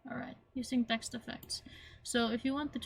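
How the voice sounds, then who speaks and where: Flat-voiced woman teaching a software lesson. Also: a little high, normal speed, a little hiss or hum. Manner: plain, step-by-step, repeats points, frequent throat clearing. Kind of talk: screen-recorded software tutorial.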